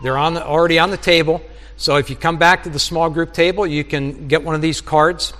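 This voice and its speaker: A man's voice: fairly high pitch, steady tone, a little fast, fairly bright tone, long reverb tail. A middle-aged male preacher giving an earnest sermon, often acting out his own prayers and conversations with God. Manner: earnest, acts out dialogues with God.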